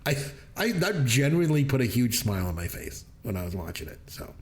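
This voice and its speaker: A man's voice: mid-range voice, very animated, brisk. A man co-hosting a movie review podcast, retelling scenes in a casual chat and laughing often as he goes. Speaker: podcast co-host.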